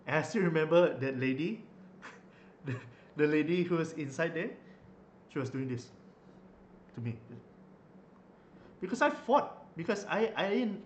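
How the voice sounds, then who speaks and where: A young man, telling a story in a rambling casual way with many fillers and restarts. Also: a little high. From Malaysia. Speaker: vlogger. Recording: echoey room, faint noise.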